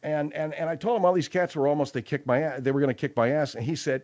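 A man's voice: fairly high pitch, expressive, fast talker, hardly any pauses, darkish tone, dull audio. A man hosting a late-night radio talk show, telling rambling, slangy stories. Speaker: radio host.

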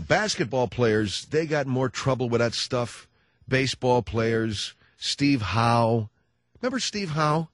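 A male talk radio host delivers an opinionated comedic monologue, full of sarcastic asides. His pitch swings widely as he riffs, and the studio sound is bone dry. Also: a bit bright, no echo. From United States.

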